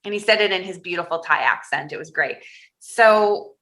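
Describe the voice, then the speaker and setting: A woman talks as a podcast guest, her tone bright and forceful. She tells her story candidly and with energy, and she laughs her way through the rough parts. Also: lowish voice, moderate pace. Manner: candid, animated storyteller who laughs through hard memories.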